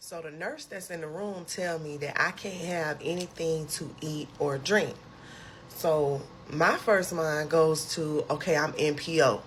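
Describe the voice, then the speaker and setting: Woman, low voice, casual storytime, animated retelling, faint background hiss. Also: a little slow. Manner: animated, emotional retelling with lively quoted outbursts.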